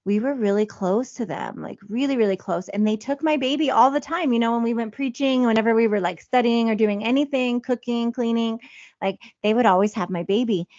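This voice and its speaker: A woman's voice: a little high, fairly quick, darkish tone, dry recording, muffled recording. Woman speaking emotionally on a podcast. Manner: emotional, confessional, many fillers like "you know". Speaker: podcast co-host. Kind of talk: casual podcast chat.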